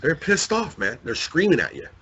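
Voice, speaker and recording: A man's voice: fairly high pitch, normal speed, dull audio, slight background noise. A man co-hosting a casual webcast chat, joking and laughing a lot. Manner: joking, laughs often, animated. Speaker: co-host.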